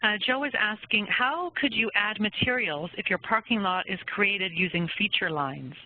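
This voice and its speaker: A woman's voice: medium pitch, moderate pace, no room sound. Woman webinar moderator, polite, hands questions to the speaker, phone-quality sound. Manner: polite, reading out audience questions. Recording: tinny phone-like webinar audio.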